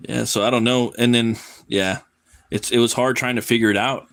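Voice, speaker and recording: A man's voice: mid-range voice, fairly bright tone. A man chatting casually on a live drawing stream, loose and profane, often repeating his words as he rambles. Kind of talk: casual chat while drawing.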